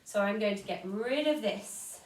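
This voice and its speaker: A woman's voice: mid-range voice, animated, moderate pace, recorded from a distance. A woman with an English accent teaching a string class, explaining beats and counting the rhythm aloud. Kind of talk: online music lesson. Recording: echoey room, voice from off-mic. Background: violin playing.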